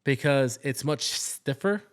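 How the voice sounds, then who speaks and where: A man's voice: medium pitch, animated, takes it slowly. A man co-hosting a casual podcast, a newly trained nurse telling work stories in a rambling way with many restarts. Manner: rambling, full of restarts and quoted dialogue. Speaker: podcast co-host, new nurse. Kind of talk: casual chat.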